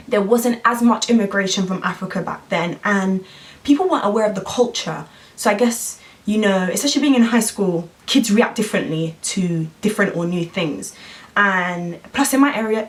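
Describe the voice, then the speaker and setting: Animated woman telling a story. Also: medium pitch, recorded from a distance. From London, England. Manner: animated, acts out quoted voices. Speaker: vlogger. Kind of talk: casual storytelling to camera.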